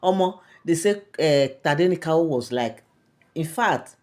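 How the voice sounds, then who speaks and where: A woman with a Nigerian accent telling celebrity gossip in a chatty way, repeating herself and pausing often. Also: deep voice, expressive, darkish tone. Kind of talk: casual gossip storytelling.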